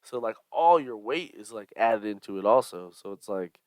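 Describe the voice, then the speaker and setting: Male co-host, lowish voice, dry close sound, slangy and easygoing. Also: lively intonation, moderate pace, no room sound. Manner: laughs often, slangy. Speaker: podcast co-host. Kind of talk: casual chat.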